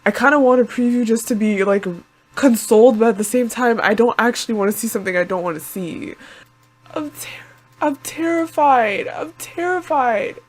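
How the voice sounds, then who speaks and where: A woman's voice: fairly high pitch, a little fast, faint music behind. A woman hosting an anime reaction video, talking in an emotional, panicky and rambling way with many exclamations. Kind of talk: live reaction commentary.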